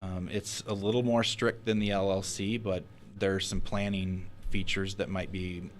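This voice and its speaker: Deep voiced lawyer guy explaining stuff slowly, bit of background hiss. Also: little pitch movement. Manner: measured, explains step by step with fillers. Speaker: tax attorney guest. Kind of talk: explanatory interview talk.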